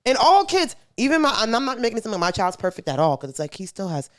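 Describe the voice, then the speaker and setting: A young woman co-hosting a podcast in casual chat, blunt and animated, swearing freely and acting out quoted voices. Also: fairly high pitch, quick pace, dry recording, studio quality. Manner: acts out quoted kids and parents in a raised voice. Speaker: podcast co-host.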